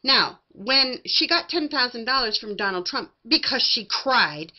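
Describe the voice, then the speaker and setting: A woman's voice: a little high, animated, unhurried, pushed and bright. A woman giving a sassy, mocking recap of a reality show, acting out what others said. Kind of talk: casual opinionated recap. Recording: slightly dull lo-fi recording.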